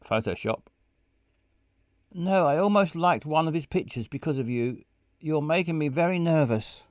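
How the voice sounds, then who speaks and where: A man's voice: on the high side, lively intonation, moderate pace, a little mellow, dry recording, close to an everyday voice. A man reading a fretful dramatic heroine. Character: anxious dramatic young woman protagonist.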